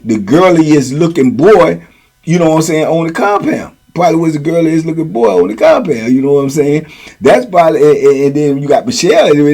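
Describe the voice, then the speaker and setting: A man telling a story in a casual, animated way, full of slang and repeated phrases. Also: fairly high pitch. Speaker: storyteller host.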